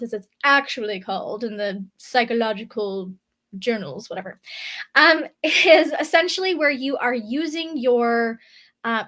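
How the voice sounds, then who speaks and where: A woman vlogger talking casually to camera from her desk, often checking in with a quick "right?". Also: on the high side, a bit bright. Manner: chatty, often tags on "right?". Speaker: spiritual vlogger. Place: indoors at a desk.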